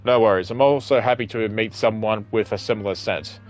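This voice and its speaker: A man's voice: on the low side, brisk, darkish tone, close to an everyday voice. A man reading the lines of an odd, playful female mech soldier in his own casual voice, stumbling now and then. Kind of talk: reading game dialogue aloud.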